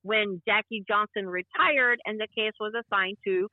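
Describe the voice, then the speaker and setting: A woman's voice: medium pitch, steady tone, moderate pace, no room sound. A woman in her fifties, an interview guest giving an emphatic personal account and acting out the dialogue she quotes. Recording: tinny phone-line sound.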